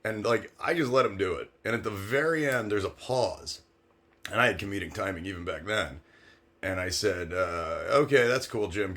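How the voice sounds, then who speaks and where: Brash man with a very deep voice. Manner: brash, sarcastic, animated when quoting others. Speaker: former sports agent storyteller. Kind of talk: casual storytelling monologue.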